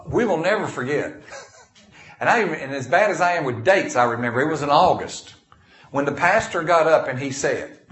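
A man preaching a sermon, telling folksy stories and reading scripture in King James wording. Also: fairly high pitch. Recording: echoey room.

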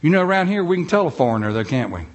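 A middle-aged man with a drawling North Carolina accent tells stories to a group. His voice sits a bit high for a man, and his delivery is folksy and self-deprecating, stretching his syllables out. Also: sing-song, very fast, highs cut off. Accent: North Carolina Southern. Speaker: speaker giving a talk. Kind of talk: humorous storytelling talk.

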